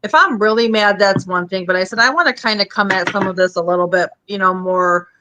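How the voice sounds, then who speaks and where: A woman's voice: medium pitch, a little fast, noisy background. A Midwestern woman with a Minnesota accent, hosting a casual chat show and rambling along with lots of fillers. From American Midwest. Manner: chatty, rambling, frequent fillers. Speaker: podcast host.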